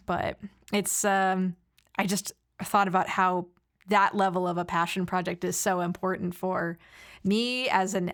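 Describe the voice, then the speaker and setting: A woman guesting on a podcast, chatting casually and rambling a little as she tells stories. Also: on the low side. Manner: chatty, rambling with fillers and laughs. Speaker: podcast guest, actor and filmmaker. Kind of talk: casual chat.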